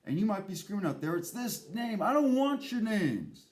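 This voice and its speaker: Lively, profane rambling male host. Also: sits high, moderate pace. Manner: profane, erratic, theatrical. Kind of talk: rambling comic monologue.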